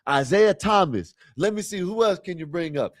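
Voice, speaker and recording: A man's voice: sits high, lively intonation, normal speed, dry recording, clean studio sound. A man hosting a livestream, rambling casually and talking straight to his viewers. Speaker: livestream host.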